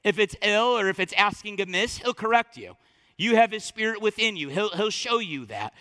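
High, bright-voiced preacher in a reverberant hall. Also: male voice, animated, moderate pace. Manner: emphatic, repeats phrases for stress. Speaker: pastor. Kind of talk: sermon.

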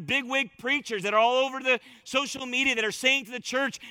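A male pastor preaching a sermon, repeating words for stress and moving from loud bursts to hushed asides. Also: very high-pitched, fairly quick, few pauses, no room sound, studio quality.

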